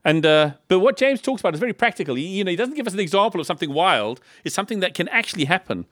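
A man from Africa, preaching a sermon in a lively style full of rhetorical questions and humorous asides. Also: high voice, very fast, dry recording, clean studio sound. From South Africa. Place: church in Liverpool.

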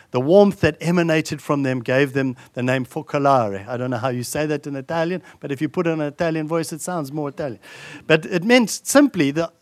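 A man's voice: on the high side, no room sound, clean studio sound. Earnest man preaching with emphatic swells. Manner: earnest preaching, rising to emphatic repetitions, dropping soft and slow on solemn lines. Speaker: pastor. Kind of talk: sermon.

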